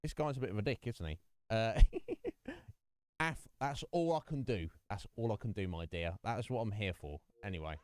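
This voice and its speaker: Male streamer, lively animated delivery, dry close sound, ranting commentary. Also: lowish voice, normal speed, no echo. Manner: animated ranting, mock-quoting voices. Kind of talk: live gameplay commentary.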